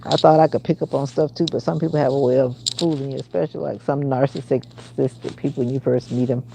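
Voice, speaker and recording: A woman's voice: very deep voice, steady tone, fast talker, creaky, noisy background. A woman hosting a casual livestream, chatting and answering viewer comments aloud. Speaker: livestream host.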